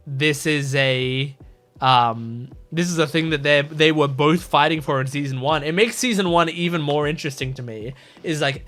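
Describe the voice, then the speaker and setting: A man with a fairly high voice thinks aloud through a casual reaction commentary, full of "um"s, "like"s and restarts. Soft music plays faintly behind him. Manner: rambling, filler-heavy, thinking aloud. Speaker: reaction video host.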